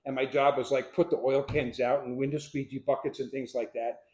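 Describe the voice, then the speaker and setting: A man's voice: mid-range voice, level tone, a little fast, darkish tone, lo-fi sound. Older man telling stories in an echoey room. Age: 60s. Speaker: speaker telling his life story. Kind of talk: storytelling talk to a live audience. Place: room with a live audience.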